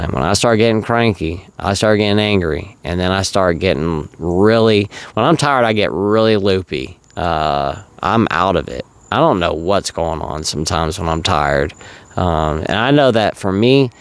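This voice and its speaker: Deep, smooth-voiced man rambling earnestly. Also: no room sound. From South Carolina. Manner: rambling, earnest, filler-heavy. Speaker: recovery vlogger. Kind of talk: casual monologue to camera.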